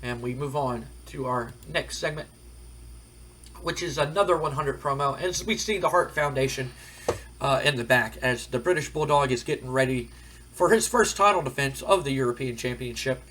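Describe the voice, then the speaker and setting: A man's voice: mid-range voice, normal speed, fairly bright tone, a little hiss or hum. A man casually recapping a game playthrough in a rambling, loose way, with a dry throat. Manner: rambling, loose retelling with frequent fillers. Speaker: game commentator.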